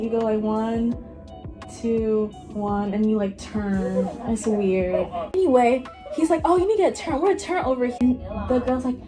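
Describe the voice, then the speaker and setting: A high-voiced young woman from Miami, in her late teens, tells a casual storytime full of "like" and little impressions of what others said. Music plays clearly underneath her voice. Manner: rambling, lots of "like", acts out others' lines. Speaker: vlogger. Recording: music playing behind her.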